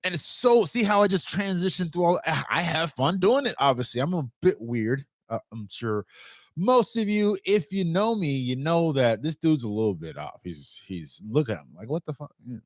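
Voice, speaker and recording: A young man talks loosely to his camera and curses without a second thought. His pitch swings up and down a lot as he rambles. The sound is dry and close, with no room echo. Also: moderate pace. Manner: loose, animated, swears freely. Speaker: outdoor vlogger. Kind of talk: casual chat to camera.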